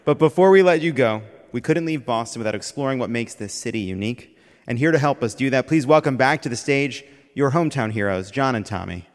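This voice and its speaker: A man hosting a comedy segment on a live stage, playful and quick, laughing between lines. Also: mid-range voice, lively intonation, in a large hall. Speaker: host. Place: theater stage with audience.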